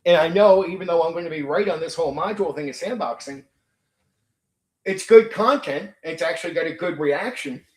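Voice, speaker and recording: A man in an unscripted rant, speaking in a fairly high register. He sounds aggrieved and emphatic, hammers the same points again and again, and swears freely. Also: fairly quick, darkish tone. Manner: mimics rivals in sneering quoted voices. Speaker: channel host.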